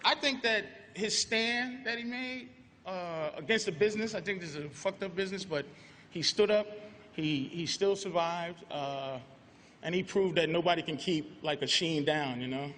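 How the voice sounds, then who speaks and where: A man's voice: high-pitched, normal speed, a bit bright, a little hiss or hum. A man doing brash, profane stand-up live on stage, stammering as he talks. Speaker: stand-up comedian. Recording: live hall with a crowd.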